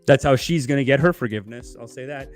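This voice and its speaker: A man's voice: mid-range voice, fast talker, soft background music. A man hosting a podcast, giving casual, irreverent commentary with mocking, rambling asides while reading news aloud. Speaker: podcast host.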